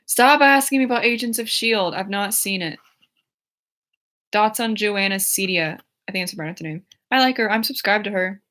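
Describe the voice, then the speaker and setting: Bright, chatty young woman streamer. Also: medium pitch, moderate pace. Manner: rambling and chatty, lots of fillers and giggling. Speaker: YouTuber reading chat on a livestream. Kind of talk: casual livestream chat. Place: at home with her cat.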